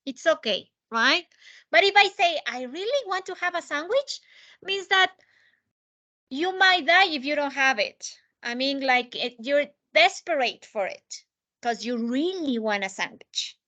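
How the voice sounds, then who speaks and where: Bright, high-voiced woman teaching English. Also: lively intonation, a little slow. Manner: encouraging, asks students questions and repeats points. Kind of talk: live online English lesson.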